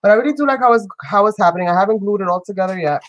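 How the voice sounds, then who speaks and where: A woman's voice: mid-range voice, rapid-fire, dry recording, muffled recording. A woman hosting a live crafting show, chatting playfully with viewers as she works and often breaking into giggles. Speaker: crafting channel host. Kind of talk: live crafting demonstration chat.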